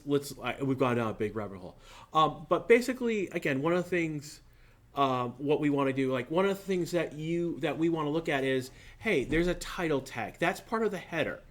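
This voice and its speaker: A man's voice: fairly high pitch, animated, normal speed. A man from southern New England teaching a class, talking in a loose, rambling way that drifts off on tangents. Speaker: instructor. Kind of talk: classroom lecture.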